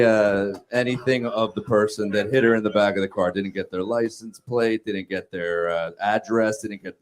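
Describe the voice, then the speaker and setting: A man's voice: on the low side, fairly even intonation, moderate pace, few pauses, noisy background. A man telling a stand-up story in an exasperated, profane way. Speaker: comedian telling a story on stage.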